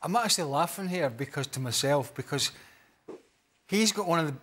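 A man on a sports panel, his voice a little higher than most. He tells his football anecdotes earnestly, with some teasing. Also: expressive, brisk, background noise. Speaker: football pundit, former player. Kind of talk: panel chat.

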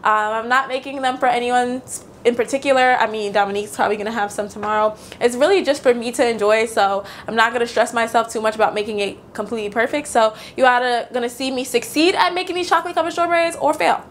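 Chatty, excitable young woman vlogging. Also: fairly high pitch, fast talker, hardly any pauses, slight background noise. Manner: chatty, excitable, self-narrating. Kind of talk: casual kitchen vlog. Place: home kitchen.

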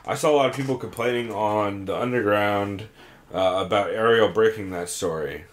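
A man's voice: fairly low pitch, normal speed. A young man co-hosting a casual podcast, talking loosely, swearing often and restarting his sentences. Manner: loose and profane, with many fillers and restarts. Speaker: podcast co-host.

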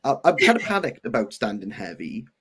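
A Welsh man hosting a relaxed book chat with friends, his pitch swinging up and down as he talks. His voice has a husky edge. He rambles from thought to thought, with self-deprecating asides. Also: a little fast. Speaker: book channel host. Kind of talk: casual group book chat.

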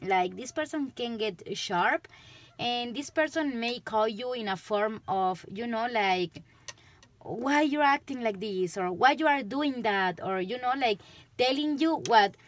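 Slow, giggly woman with a Spanish accent. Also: on the high side, lively intonation, no echo. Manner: giggly, chatty, loose rambling. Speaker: tarot reader. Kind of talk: casual tarot reading to camera.

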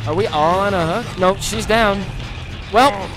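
A man hosting his gaming channel, giving excited commentary as he plays, pleading with the killer, cursing and shouting in panic. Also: high-pitched, a little slow, music in the background. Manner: quiet, relaxed asides to viewers.

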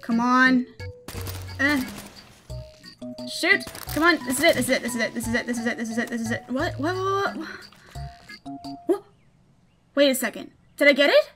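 A young woman streaming a game, reacting with jumpy, excitable commentary and nervous laughter. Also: high-pitched, normal speed, long pauses, faint music behind. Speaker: gaming streamer.

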